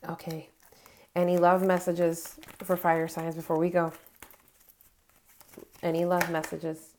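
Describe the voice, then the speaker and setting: A woman's voice: lowish voice, little pitch movement, unhurried, a little mellow, a little hiss or hum. A woman reading tarot cards to camera, speaking earnestly and encouragingly and growing emotional as she reassures her viewers. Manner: gives affirmations straight to her viewers. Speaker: tarot reader.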